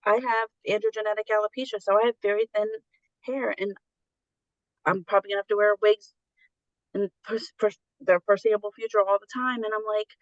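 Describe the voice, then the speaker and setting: A woman's voice: medium pitch, fairly even intonation, brisk, dry recording, dull audio. A middle-aged woman telling stories candidly in a casual conversation, acting out the voices of the people she quotes. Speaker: guest.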